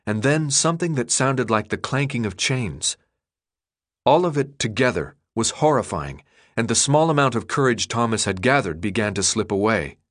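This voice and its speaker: A medium-pitched male narrator reads an audiobook at an even, measured pace. The recording is studio quality with no room sound.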